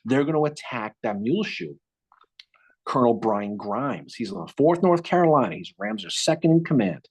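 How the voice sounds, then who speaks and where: A man co-hosting a casual history podcast, telling the story with lively restarts and repeated words. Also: mid-range voice, moderate pace, breathy edge. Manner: animated, repeats words while thinking, acts out quotes. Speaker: podcast co-host.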